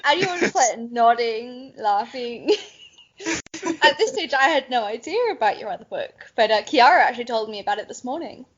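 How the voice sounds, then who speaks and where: A woman's voice: on the high side, animated, normal speed, a bit bright, slightly rough. A woman co-hosting a podcast, chatting casually and laughing often. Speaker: podcast co-host. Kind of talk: casual chat. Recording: dull lo-fi podcast audio.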